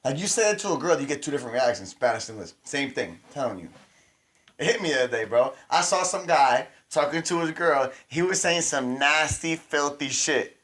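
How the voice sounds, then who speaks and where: A man co-hosting a podcast in casual chat, telling animated stories full of slang and repeated phrases. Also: a little high, a little fast. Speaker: podcast co-host.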